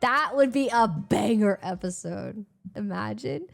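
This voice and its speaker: A young woman streamer chatting casually, animated and expressive, laughing and swearing freely. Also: medium pitch, a little slow, faint music behind. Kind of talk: casual live-stream chat.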